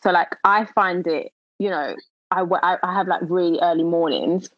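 A woman's voice: fairly low pitch, normal speed, lo-fi sound. A young woman co-hosting a casual chat, rambling with many fillers and frequent giggles. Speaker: podcast co-host.

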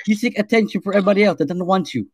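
A man's voice: high voice, racing, a crowd in the background. A man in a heated voice chat argument, cursing, taunting and repeating his words over and over.

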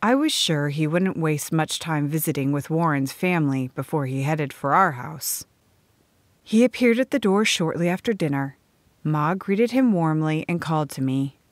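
A woman narrating a first-person audiobook in a measured storytelling manner. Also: sits low, expressive, no echo.

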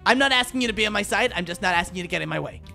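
Sheffield streamer guy in rat roleplay, high gravelly voice, goofy and shouty. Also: rapid-fire, soft background music. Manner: excitable, yells and runs comic bits. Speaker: streamer role-playing a rat character. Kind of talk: playful in-game role-play chatter.

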